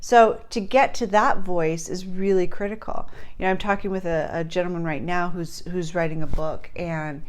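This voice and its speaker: A woman's voice: lowish voice, steady tone, moderate pace, hardly any pauses. Chatty, earnest woman talking to camera. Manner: chatty and earnest, with many fillers and restarts. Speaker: book writing coach. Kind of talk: casual talk to camera.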